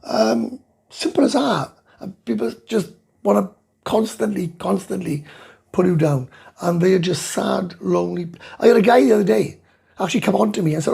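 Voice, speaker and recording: A middle-aged Welsh man hosts a laid-back live chat, reading out what viewers write and responding with blunt, profane ranting. He talks at a moderate pace in a high-pitched, mellow voice with a gravelly, very husky quality.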